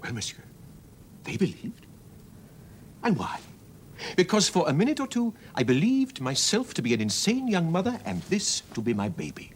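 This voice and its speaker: A man's voice: sits high, huge pitch swings, moderate pace, long pauses, slight background noise, exaggerated voice. An older man playing a retired stage actor in a period TV drama, speaking in a grand, courtly, theatrical way.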